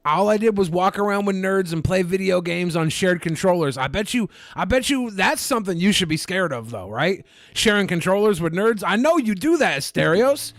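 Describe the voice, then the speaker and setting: A man's voice: sits high, lively intonation, normal speed, few pauses, a bit bright, no room sound. A man co-hosting a podcast, telling rambling jokey stories in casual banter. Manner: joking, rambling storyteller. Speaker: co-host.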